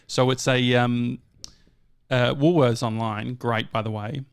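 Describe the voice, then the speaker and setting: A man's voice: mid-range voice, fairly even intonation, measured pace, creaky, clear, resonant tone, no room sound, clean studio sound. An Australian man co-hosting a casual chat podcast, telling rambling stories and correcting himself as he goes. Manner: rambling, self-correcting storyteller. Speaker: podcast co-host.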